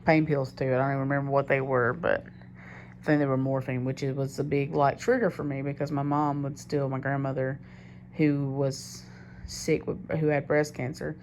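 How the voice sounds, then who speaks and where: A young woman with a notably low voice tells a personal story straight to the camera. She rambles candidly and keeps doubling back mid-sentence, with a faint hiss under her voice. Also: level tone, normal speed, a little mellow. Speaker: diary vlogger. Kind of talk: confessional storytelling monologue.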